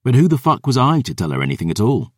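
A man narrating a first-person audiobook in a dramatic, expressive storytelling manner. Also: mid-range voice, quick pace, no room sound, clean studio sound.

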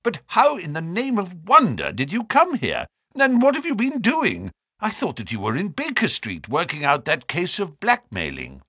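A man's voice: sits high, huge pitch swings, moderate pace, hardly any pauses, pushed and bright, husky, no echo, clean studio sound, pitched above the performer's own voice, full character voice. A man reading the part of an earnest, loyal doctor in an audiobook, speaking with emphasis.

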